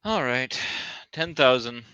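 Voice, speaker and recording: A man playing a tabletop game, speaking slowly and deadpan with frequent sighs. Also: medium pitch, clear, resonant tone, no echo, lo-fi sound. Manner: slow, sighing, deadpan. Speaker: player. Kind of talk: casual tabletop play.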